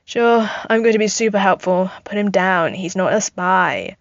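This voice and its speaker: A woman's voice: medium pitch, normal speed, gravelly, dry recording, natural voice. A woman voicing a sleepy, wisecracking grown man inventor with a sarcastic drawl, on a dull, lo-fi recording.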